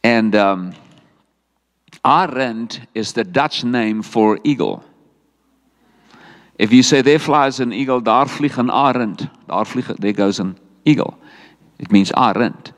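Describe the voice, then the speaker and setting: A man's voice: on the low side, slow pace, long pauses. A middle-aged South African man preaching a sermon, telling a story with animation and acting out quoted words. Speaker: pastor. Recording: echoey hall sound.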